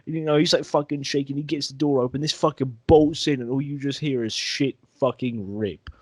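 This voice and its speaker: A young man co-hosting a podcast, telling a story in a profane, excitable way. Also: medium pitch, a little fast, dry recording. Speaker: podcast co-host. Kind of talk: casual storytelling chat.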